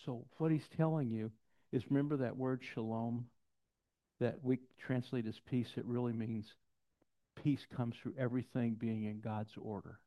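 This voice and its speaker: A pastor preaching a sermon, telling stories with lively quoted voices and dropping to soft, intense passages. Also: male voice, medium pitch, normal speed. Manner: storytelling, animated quotes, drops to soft intensity. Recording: dull lo-fi sound.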